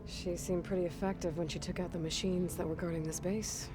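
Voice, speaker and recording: A woman's voice: on the low side, little pitch movement, a little fast, natural voice. An actress playing a determined young woman hunter and leader in a video game, speaking in a direct, plain way. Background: game music.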